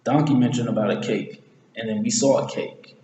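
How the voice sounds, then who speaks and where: Speaking at a normal speed in a dark, medium-pitched voice with fairly even intonation, a man reviews a movie in a loose, rambling way. He keeps correcting himself and throws in slang, recorded in a reverberant room with faint hiss.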